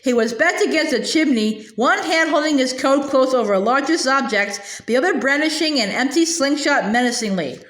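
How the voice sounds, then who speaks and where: Storybook reader: high-voiced woman, expressive, roomy echo. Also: moderate pace, few pauses. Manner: expressive, with stumbles. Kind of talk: storybook reading. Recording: roomy echoey room.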